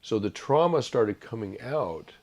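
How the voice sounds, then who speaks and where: A middle-aged man speaking as an interview guest, thoughtful and halting, with many fillers and restarts. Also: on the low side, animated, a little mellow, husky, highs cut off. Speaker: author guest. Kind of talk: reflective interview conversation.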